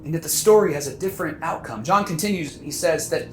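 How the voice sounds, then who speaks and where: A man's voice: on the high side, quick pace, echoey room, soft background music. A man pastor preaching a sermon earnestly, stirring listeners with rhetorical questions. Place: church sanctuary.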